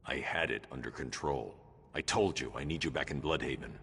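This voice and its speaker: An actor playing a grim, stern masked vigilante in a video game, speaking in terse commands. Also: male voice, very deep voice, a little fast, a bit bright, slight background noise. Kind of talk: video game cutscene acting.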